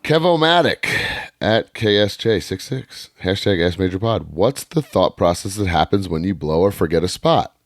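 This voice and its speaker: A man co-hosting a podcast, animated and laughing, reading listener questions. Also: low voice, moderate pace, hardly any pauses. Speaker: podcast co-host. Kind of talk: casual podcast chat.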